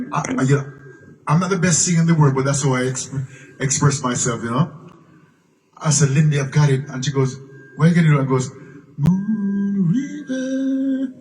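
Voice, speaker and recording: A man's voice: medium pitch, a little mellow. Older man telling stories, distant mic. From Jamaica. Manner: repeats and restarts words, breaks into song. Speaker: guest musician at a Q&A. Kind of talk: live storytelling at a public Q&A. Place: museum event room, live audience. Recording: distant mic with faint room noise.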